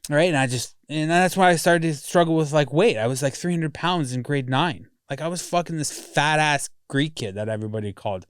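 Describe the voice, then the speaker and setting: Candid, swearing man with a clear voice. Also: fairly high pitch, fairly quick, hardly any pauses, no echo, clean studio sound. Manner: candid, rambling, swears often. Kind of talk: casual podcast conversation.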